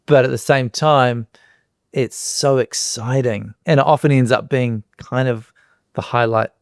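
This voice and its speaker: A middle-aged man with a New Zealand accent, a guest on a podcast, telling relaxed anecdotes and acting out the voices in them. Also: mid-range voice, measured pace, no room sound, clean studio sound. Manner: relaxed anecdotes, acts out voices and hums lines. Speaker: guest musician and comedian. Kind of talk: casual podcast chat, storytelling.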